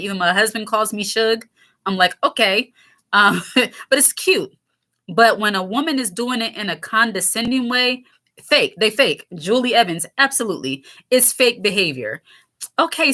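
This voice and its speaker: A woman's voice: mid-range voice, sharp tone. A woman in her late thirties hosting a casual livestream, chatting candidly with viewers and laughing often. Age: 30s. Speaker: channel host reading viewer comments.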